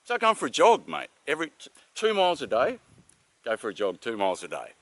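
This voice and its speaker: A man playing a matter-of-fact family doctor who calmly advises his patient and calls him mate. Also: mid-range voice, fast talker, dry recording. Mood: reassuring.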